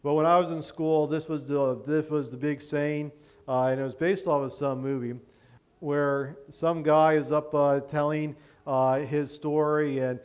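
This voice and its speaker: A man's voice: a little high, fairly even intonation, measured pace, a little mellow, clear, resonant tone. A man from Pennsylvania preaching a sermon in a conversational way, explaining with rhetorical questions.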